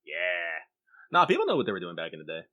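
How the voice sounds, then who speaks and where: A man co-hosting a podcast in casual chat, rambling and animated, swearing offhandedly and often restarting his sentences. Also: low-pitched, racing, no room sound, dull audio. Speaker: podcast co-host.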